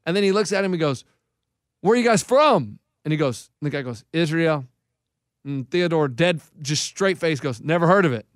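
A man's voice: a little high, animated, normal speed, dry recording, clean studio sound. A man co-hosting a podcast, telling rambling anecdotes full of restarts in casual chat. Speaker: podcast co-host.

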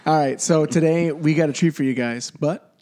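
A man's voice: a little high, normal speed, a little mellow. A man hosting a podcast in casual chat, laughing often and telling stories with animation. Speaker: podcast host.

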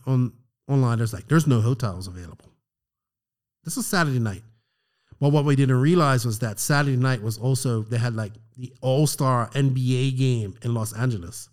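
A middle-aged man telling a story on a podcast, animated and profane, acting out the lines of the people in it. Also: mid-range voice. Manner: animated, profane, acts out quotes. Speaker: podcast co-host. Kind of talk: casual storytelling chat.

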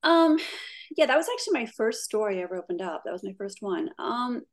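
A woman's voice: on the high side, very animated, fast. Chatty woman. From Pittsburgh, USA. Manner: chatty, many "like" fillers, laughs easily. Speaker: guest. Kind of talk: casual interview chat.

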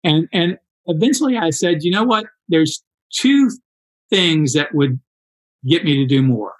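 A man in his sixties telling stories in a casual interview, animated and acting out quoted dialogue. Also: a little high, a little slow, low-quality recording. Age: 60s. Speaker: interview guest, endurance athlete.

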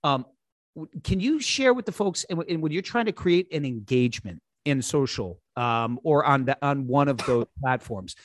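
A man's voice: mid-range voice, expressive, normal speed, dry recording, studio quality. A man hosting a podcast, asking guests long, conversational questions. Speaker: podcast host. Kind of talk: casual interview talk.

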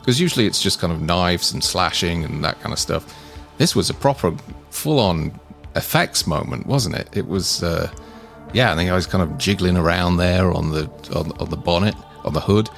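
A man with a very deep, gravelly voice talks through his favourite and least favourite film moments. He explains his views earnestly and laughs along with his co-host. Faint synth music runs under the talk. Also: lively intonation, moderate pace, a bit bright. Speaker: podcast co-host. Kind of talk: casual film review chat.

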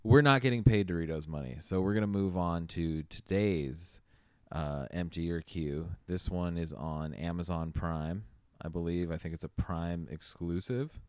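A young man co-hosting a casual movie-review podcast, loud and profane, ranting freely between jokes. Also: low voice, normal speed, smooth, no echo. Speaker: podcast co-host.

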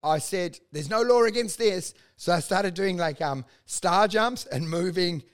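A man spins a rowdy anecdote on a casual podcast. He talks in an animated way, laughs often and slips into the voices of the people in his story. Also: high voice, unhurried. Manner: animated, laughing storyteller who acts out quotes.

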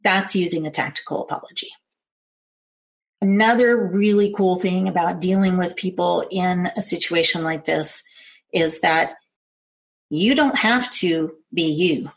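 Woman, middle-aged, low-ish voice, calm, earnest, instructional talk. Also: a little slow. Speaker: self-defense instructor.

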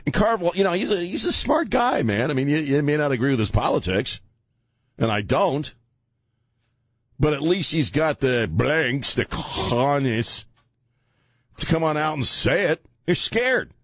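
A man's voice: on the high side, unhurried, no echo. A man from Louisiana hosts his talk radio show in a dry, close studio sound. He rants bluntly and rambles, his voice jumping up and down as he gets worked up. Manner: blunt, rambling, animated, swings loud. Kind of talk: opinionated talk radio monologue.

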